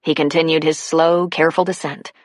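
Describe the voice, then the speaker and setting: Low-voiced woman narrating a novel. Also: flat delivery, a little fast, dry recording, studio quality. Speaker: audiobook narrator. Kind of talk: scripted narration.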